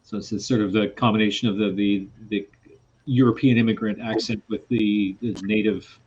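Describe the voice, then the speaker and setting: A man's voice: fairly low pitch, fairly even intonation, moderate pace, a little mellow, husky. A man on a video call chats casually and adds lots of short agreements. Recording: muffled call audio with faint hum.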